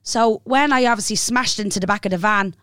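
A young Irish woman co-hosting a podcast, telling a story in a sweary, animated way and imitating the people in it. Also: medium pitch, a little fast, clear, resonant tone, dry recording, clean studio sound. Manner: sweary, animated, playful impressions of others. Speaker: podcast co-host. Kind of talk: casual storytelling chat.

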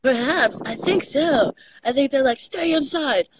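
A Texan woman with a Southern accent is a guest on a casual video call, telling animated stories and laughing a lot. Her voice sits high and her pace is unhurried, with some background noise in the recording.

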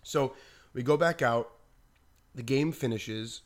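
This man's mid-range voice takes it slowly as he co-hosts a podcast, telling stories in a relaxed, animated way. He plays out quotes and leans heavily on the word "like."

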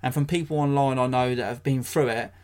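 A man's voice: medium pitch, steady tone, a little fast, a little mellow. An English man hosting a solo podcast, talking blunt and sweary, ranting with dry jokes. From England. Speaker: podcast host.

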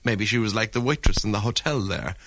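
A man's voice: fairly low pitch, brisk, fairly bright tone, dry recording. A man narrating a documentary in a wry, ornate storytelling manner. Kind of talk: scripted narration.

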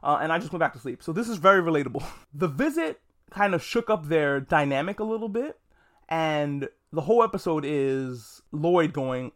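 A solo anime podcast host talks quickly in a voice on the high side, sounding animated throughout. Expect candid opinions, jokes, and frequent cursing, all captured through a podcast microphone.

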